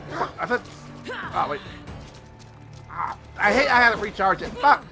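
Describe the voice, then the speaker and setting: A young man giving excitable, casual let's-play commentary, with loud outbursts and constant swearing. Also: very high voice, unhurried, over music. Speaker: gameplay streamer.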